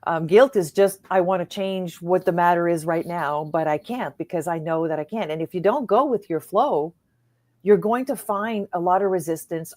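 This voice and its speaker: Middle-aged woman coach on a podcast, kinda low voice, earnest, acts out the back and forth when she tells stories. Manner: earnest, animated retelling with quoted dialogue. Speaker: transformational coach, guest. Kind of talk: conversational storytelling.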